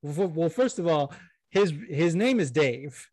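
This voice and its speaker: A man's voice: a little high, animated, unhurried, a little mellow, dry recording. A young man hosting a podcast in casual chat, rambling and self-deprecating, swearing now and then. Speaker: podcast host.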